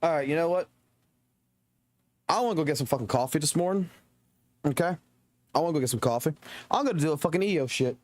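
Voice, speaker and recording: A man's voice: a little high, animated, quick pace, pauses often, dry recording. A man streaming games and ranting to his chat, swearing often and repeating himself for emphasis. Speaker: game streamer.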